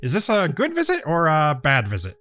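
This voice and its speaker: A man voicing a showy, self-important gnome adventurer in a tabletop game, pitched above his own voice. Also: wildly swooping pitch, fairly quick, fairly bright tone. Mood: boastful.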